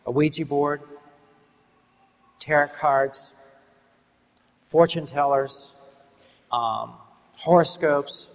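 A middle-aged man preaching to an audience, telling a story in an earnest, measured way and slowing down to stress key words. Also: a little high. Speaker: Christian ministry speaker. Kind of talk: sermon with a storytelling testimony. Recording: long hall reverb.

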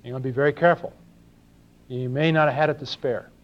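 A man's voice: mid-range voice, fairly even intonation, fast talker, a little hiss or hum. An older man from Los Angeles preaching a sermon in a conversational way, asking his congregation questions and acting out small exchanges. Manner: conversational, asks the congregation questions, acts out little dialogues. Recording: dull lo-fi sermon recording.

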